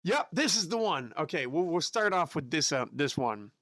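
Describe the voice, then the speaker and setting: A man's voice: fairly high pitch, big pitch swings, moderate pace, fairly bright tone, no echo. A man from the United States chatting casually with his live-stream audience in a chatty, giggly way, with an unusual voice. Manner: chatty, giggly, reacts to chat.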